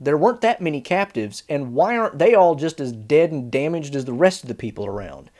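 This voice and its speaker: A man reviewing a fantasy series casually on video, animated and exasperated, with sarcastic asides. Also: a little high, a little fast.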